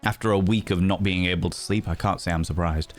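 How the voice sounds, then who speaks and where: A Yorkshire man from England hosts a livestream in a low, fairly even voice, talking fast as he reads viewer messages, teasing them playfully and greeting them as cheeky devils. Faint music plays behind him.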